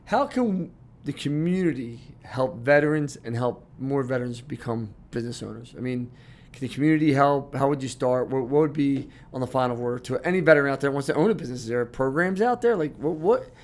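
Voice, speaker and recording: Podcast host, a man with an everyday mid-pitched voice, asks long, loose questions in a conversational way. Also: expressive, fairly quick, darkish tone. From United States. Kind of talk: casual interview talk.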